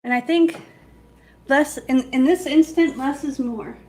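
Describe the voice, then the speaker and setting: A woman's voice: high-pitched, measured pace, a little mellow, low-quality recording. A woman hosting a live painting demo, chatty and laughing easily as she works. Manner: chatty, laughs often, self-teasing. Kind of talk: casual live-stream demo chat.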